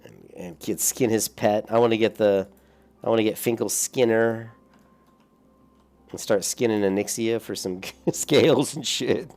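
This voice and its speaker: At a measured pace, a young adult man with a low, slightly mellow voice streams a game and chats casually with his viewers. His talk rambles, with mild swearing between chuckles.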